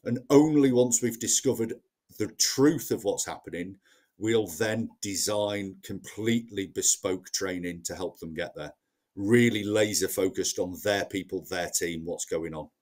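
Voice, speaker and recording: A Northern English man with a fairly low voice. He talks plainly and casually as a podcast guest and walks through his sales training process point by point. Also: a little slow, darkish tone. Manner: plain-spoken, explains step by step with acted-out quotes.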